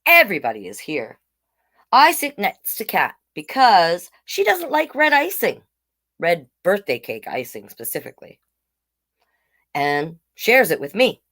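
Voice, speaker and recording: A woman reading picture books aloud to children, with chatty, animated asides to the viewers. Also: on the low side, measured pace. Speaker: storytime reader.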